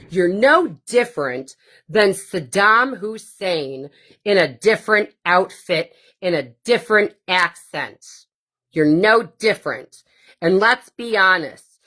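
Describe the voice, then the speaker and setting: A woman's voice: sits low, fairly bright tone. A woman hosting her own podcast, delivering a blunt, profane and combative monologue with sarcastic asides. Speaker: podcast host. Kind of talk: ranting monologue.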